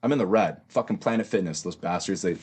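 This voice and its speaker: A young man in his twenties with a low voice tells his story as a podcast guest. He talks in loose slang, swears freely and keeps saying bro. It is casual, run-on storytelling. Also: fast, darkish tone, husky. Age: 20s. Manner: slangy and profane, says bro a lot.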